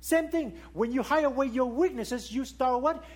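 Husky man preaching with rhetorical questions. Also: extremely high pitch, moderate pace. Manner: non-native English phrasing. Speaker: pastor. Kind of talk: sermon.

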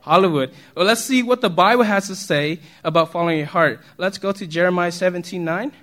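Chatty pastor man with a fairly high voice. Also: fairly quick, a bit bright. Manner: chatty, asks the congregation questions, chuckles often. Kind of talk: casual conversational sermon.

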